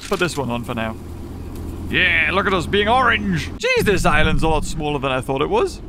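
A man playing a horror game and commenting on it, excitable, often gasping and laughing and reading in-game notes aloud. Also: a little high, normal speed, noisy background. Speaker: gaming YouTuber. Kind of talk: let's play commentary.

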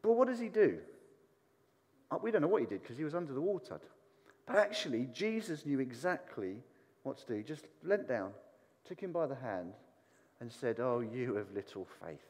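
Animated preacher in a reverberant hall. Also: male voice, on the high side, normal speed, long pauses. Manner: animated, asks the congregation questions. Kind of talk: sermon. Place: church hall.

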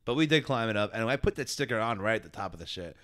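A man's voice: lowish voice, expressive, rapid-fire, fairly bright tone. A man co-hosting a podcast, telling a travel story in a laid-back, profane way with lots of "dude" and "man". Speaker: podcast co-host. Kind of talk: casual chat.

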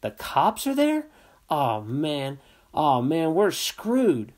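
A man's voice: mid-range voice, unhurried, darkish tone. A man reading aloud, voicing a frantic teenage boy on the phone whose voice jumps upward in panic. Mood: panicked.

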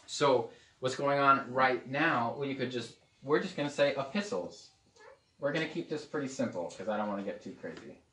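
A man gives a casual teaching sermon, joking and chatty, now and then trying on playful accents. His voice sits at an ordinary middle pitch. The mic is set back from him, and the room adds a noticeable echo. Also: normal speed, fairly bright tone. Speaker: preacher. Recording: echoey room, mic at a distance.

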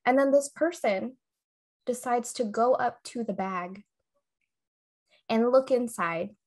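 A woman's voice: a little high, takes it slowly, darkish tone. A woman co-hosting a casual podcast, telling a scary story with suspense, swearing freely and breaking into giggles. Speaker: podcast co-host.

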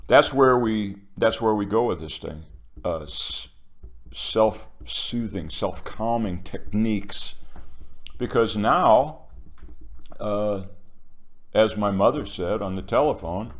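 A man's voice: on the low side, expressive, measured pace. Sardonic older man rambling to himself. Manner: sarcastic, theatrical, jumps to loud mock quotes. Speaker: commentator. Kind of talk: rambling monologue.

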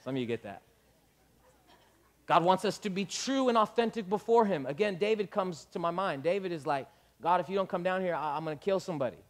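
A man preaching a sermon as pastor, animated, acting out dialogue and building up to shouts. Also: high-pitched, a little fast.

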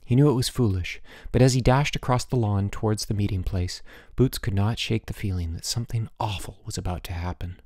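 A man reading a children's novel aloud as an audiobook narrator, expressive and giving each character a voice. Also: fairly low pitch, brisk, dry recording, clean studio sound. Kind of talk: scripted narration.

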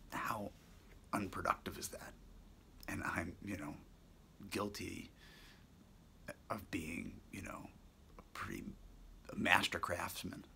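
A deep-voiced man talks through a reflective monologue for his daily video blog. His voice is very gravelly yet bright and forceful, dropping often into a soft half-whisper as he muses with pauses and corrects himself. A faint noise sits under the recording.

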